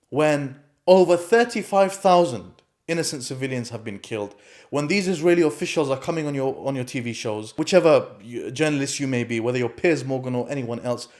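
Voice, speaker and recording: A man's voice: medium pitch, darkish tone. A man hosting a reaction commentary vlog, talking emphatically and repeating his points. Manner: emphatic, repetitive.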